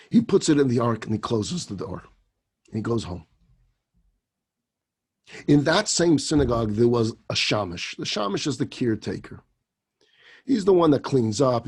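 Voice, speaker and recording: A rabbi telling a story in a sermon, animated and dramatic. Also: male voice, medium pitch, slightly rough.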